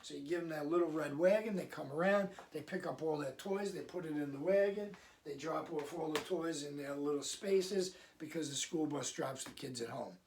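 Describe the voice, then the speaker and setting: A man's voice: on the high side, a little mellow, slight background noise. Guy coaching parents, chatty, slips into little acted bits, sounds a bit far off. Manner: conversational, acts out parents and kids in quick asides. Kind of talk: casual advice talk to camera.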